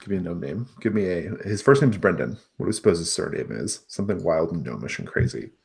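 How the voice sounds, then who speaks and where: A man narrating a tabletop game as game master, relaxed and improvising with many fillers. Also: deep voice, fast, vocal fry.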